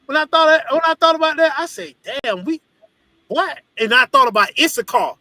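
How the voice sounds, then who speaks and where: A man teaching a congregation in an animated, profane, storytelling preaching style. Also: very high voice, normal speed, no room sound, low-quality recording. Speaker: religious teacher.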